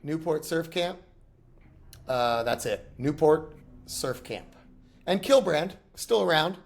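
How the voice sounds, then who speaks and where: A man's voice: fairly high pitch, animated, takes it slowly, creaky. A middle-aged man chatting casually as a podcast guest, telling rambling anecdotes and laughing often. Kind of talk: casual chat.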